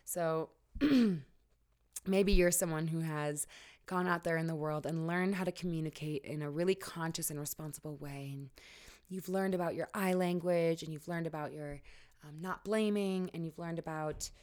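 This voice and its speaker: A woman's voice: sits low, normal speed, darkish tone. A woman hosting a podcast, giving candid, casual coaching advice with frequent laughs and casual swearing. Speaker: podcast host.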